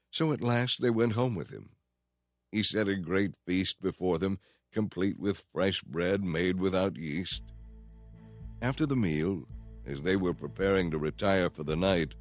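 A man giving a steady, measured scripted narration of a Bible story. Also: low voice, no room sound, studio quality. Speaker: scripture reader.

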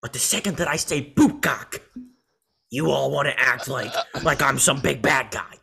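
A man's voice: mid-range voice, normal speed, gravelly, sharp tone. A man putting on the Joker, a taunting male villain who sneers at his listener. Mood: sneering. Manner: sneering, taunting, breaks into giggles.

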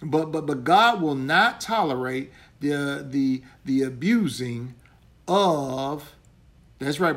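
A man, a pastor, preaching a sermon in a loose conversational way, repeating his points and restarting his sentences. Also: on the high side.

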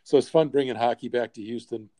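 An older man in his sixties, a podcast guest telling lively anecdotes with frequent chuckles. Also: medium pitch, quick pace, dry recording. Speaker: podcast guest, sports executive. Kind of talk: storytelling interview.

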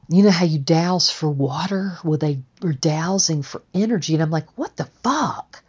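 A middle-aged woman telling her own story in a candid, salty, animated way, swearing freely. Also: low-pitched, creaky, husky, muffled recording. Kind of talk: personal storytelling.

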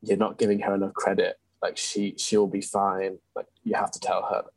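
This is a young Englishman telling his own story frankly and sincerely in an interview, stumbling with ums and restarts. He speaks in a monotone at a normal pace with a low, slightly husky voice, captured in a rough, dry, close recording without room sound.

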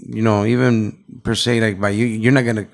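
Gravelly-voiced man hosting a casual podcast. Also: lowish voice, little pitch movement, a little fast. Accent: Chicago. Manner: loose, profane, mixing English and Spanish. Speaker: podcast co-host.

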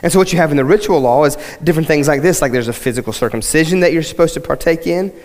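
A man's voice: on the high side, rapid-fire, darkish tone. A male pastor giving a sermon, talking conversationally to the congregation and building to emphatic points. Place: church sanctuary. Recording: long hall reverb.

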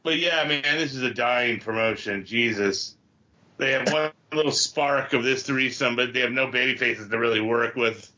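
A man's voice: mid-range voice, normal speed, pushed and bright, slight background noise. A man co-hosting a casual podcast chat, easygoing and conversational. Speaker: podcast co-host. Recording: dull lo-fi audio.

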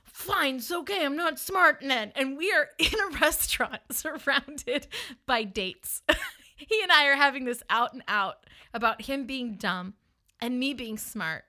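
Bright, animated woman telling a story. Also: high-pitched, unhurried. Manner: animated, self-mocking, acts out dialogue. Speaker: podcast host. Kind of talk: personal storytelling monologue.

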